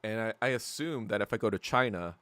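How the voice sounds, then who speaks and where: Man, podcast host, profane rant, swings up and down in pitch, dry close sound. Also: lively intonation, fast talker, pushed and bright, clean tone, no echo. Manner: profane ranting, heavy swearing; trails off with filler words and restarts. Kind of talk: casual solo fireside chat.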